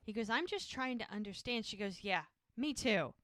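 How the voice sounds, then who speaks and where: A woman's voice: a little high, lively intonation, normal speed, a bit bright, no room sound, studio quality. A woman co-hosting a podcast, casually retelling TV scenes and acting out the characters' lines. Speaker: podcast co-host. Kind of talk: casual recap chat.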